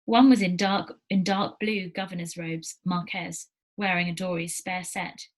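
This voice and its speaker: A teacher reading a novel aloud to her class in a steady storytelling manner, with small slips. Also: lowish voice, a little slow, poor audio.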